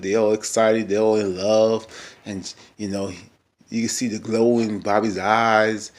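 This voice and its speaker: A young man talks through last night's reality episode in a loose, rambling way, with lots of fillers and little acted-out quotes. His voice sits a bit low for a man. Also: little pitch movement, a little slow. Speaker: episode recap vlogger. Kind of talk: casual reality TV recap.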